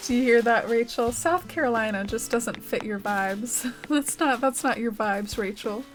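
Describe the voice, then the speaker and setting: Chatty young woman streamer, slightly high. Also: lively intonation, takes it slowly, soft background music, rough recording. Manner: chatty, rambling, heavy use of "like" and "uh". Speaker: live game streamer reading chat. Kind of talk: casual chat while playing.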